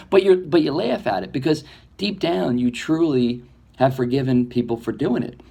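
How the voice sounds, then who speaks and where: A man, a comedy filmmaker, talking in a rambling, reflective monologue that grows animated as he acts out imagined voices. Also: medium pitch, normal speed, gravelly, slightly rough.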